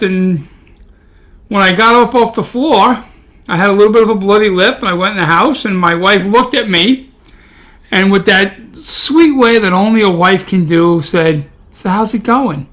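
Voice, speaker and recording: A man with a high-pitched voice and a Brooklyn accent chats casually on a podcast. He tells stories with a self-deprecating, joking edge. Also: normal speed, fairly bright tone. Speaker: podcast co-host.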